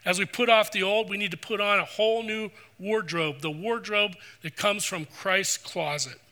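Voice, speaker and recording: Pastor, male, middle-aged: high, very bright sermon delivery, earnest. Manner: earnest, preacherly, slows for scripture. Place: church sanctuary.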